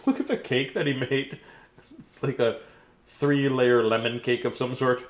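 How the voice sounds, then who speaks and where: A man's voice: mid-range voice, steady tone, unhurried, a little hiss or hum. A man reading a children's picture book aloud. He laughs often and breaks off into chatty asides. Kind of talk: casual storybook reading.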